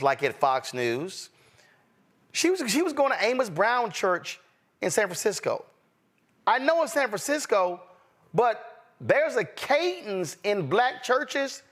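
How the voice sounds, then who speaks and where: Emphatic high-voiced male political host. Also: a bit bright. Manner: emphatic, preacher-like cadence, cutting. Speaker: show host. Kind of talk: heated political commentary.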